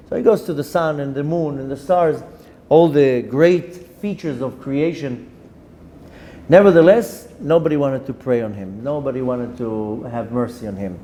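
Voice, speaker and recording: A man, a rabbi giving a Torah lesson, telling a story with animated delivery, dropping in Hebrew terms and restarting his sentences. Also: mid-range voice, moderate pace, a little hiss or hum. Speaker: rabbi teaching a Torah class.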